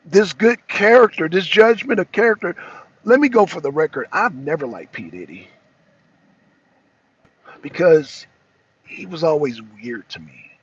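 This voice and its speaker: Male host, slightly high voice, emphatic and repetitive, addresses the chat directly; dull lo-fi audio. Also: fairly bright tone, breathy edge, dry recording. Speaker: talk show host. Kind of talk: casual political commentary livestream.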